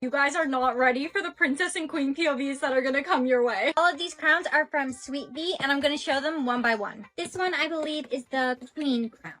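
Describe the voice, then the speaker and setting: High-voiced young woman gushing. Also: brisk, few pauses, a bit bright. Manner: chatty, gushing. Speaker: content creator. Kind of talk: casual product showcase. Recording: faint background music.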